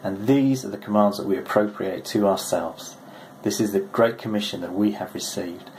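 A male pastor giving a short, gentle, conversational devotional, reading scripture aloud. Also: lowish voice, moderate pace, a little hiss or hum, rough recording.

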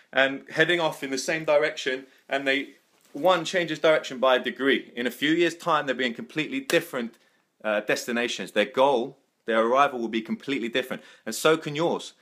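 A man's voice: medium pitch, bright, forceful tone. A man hosting a live-streamed motivational talk, repeating his key phrases for emphasis and restarting sentences as he goes. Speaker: motivational vlogger.

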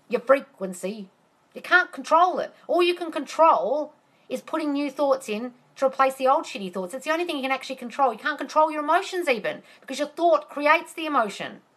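A woman's voice: high-pitched, a bit bright. A woman coaching on a live stream, answering viewers' comments bluntly, swearing freely and calling them darling. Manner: blunt and profane, exasperated rants. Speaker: manifestation coach.

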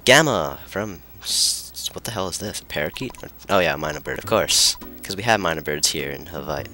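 A man's voice: deep voice, sing-song, normal speed, creaky, sharp tone, soft background music. A man giving loose, sarcastic commentary while playing a video game, joking and reading lines aloud. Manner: sarcastic, rambling jokes, reads lines aloud. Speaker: let's play commentator. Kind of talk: casual gameplay commentary.

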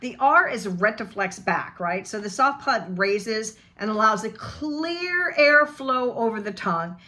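A woman from the western United States with a General American accent, teaching a pronunciation lesson and drilling sounds slowly and deliberately. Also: a little high, lively intonation, pushed and bright. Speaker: accent coach.

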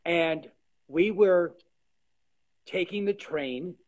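A man in his sixties, a guest artisan, chatting on a video call and telling lively stories with trailing restarts. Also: high voice, drawn-out words, poor audio. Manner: animated storyteller, trailing restarts. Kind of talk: casual interview chat.

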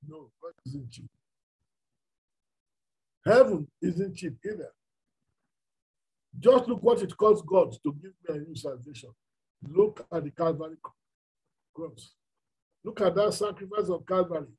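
A man's voice: fairly high pitch, animated, a little slow, long pauses, warm tone, breathy edge, poor audio. A man with a Nigerian accent preaching a sermon, emphatic and full of rhetorical questions.

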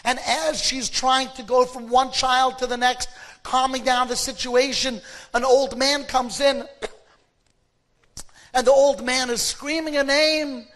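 A man's voice: very high voice, flat delivery, unhurried, fairly bright tone. A man, a rabbi, delivering a sermon with dramatic, emphatic storytelling.

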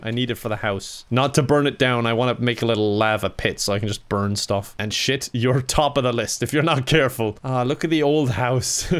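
A man's voice: mid-range voice, a little fast, clear, resonant tone. A young Irish man giving sweary, laughing let's play commentary and talking to the animals in the game. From Ireland. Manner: swears a lot, laughs often, talks to animals. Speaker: gaming YouTuber.

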